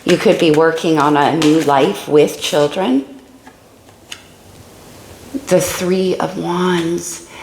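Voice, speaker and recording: A woman with a low, creaky voice reads tarot cards in a casual way, thinking aloud and exclaiming over each card. Her voice rings in an echoey room with a faint hiss behind it. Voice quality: creaky morning voice. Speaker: tarot reader. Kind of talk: casual tarot reading to camera.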